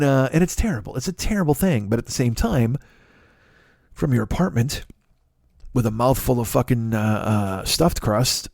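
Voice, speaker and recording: A man's voice: mid-range voice, creaky, no echo. A man in his forties riffs through a comedic monologue, profane and full of tangents. His voice sits in the middle range. The sound is dry and close to the mic, with no room around it. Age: 40s. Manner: profane, rambling, animated asides. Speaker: podcast host.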